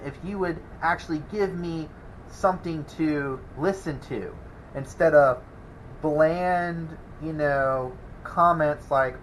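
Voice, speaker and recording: A man's voice: fairly high pitch, slow, a little hiss or hum, poor audio. A man, rambling in a casual vlog, chuckling and exasperated as he answers a troll. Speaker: welding channel host. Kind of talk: casual vlog talk to camera.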